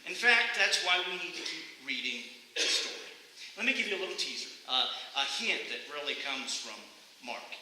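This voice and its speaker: Lively male pastor, bright ringing voice, echoey sanctuary with a faint hiss. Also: on the high side, moderate pace. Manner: animated, conversational preaching with rhetorical questions. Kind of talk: sermon. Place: church sanctuary.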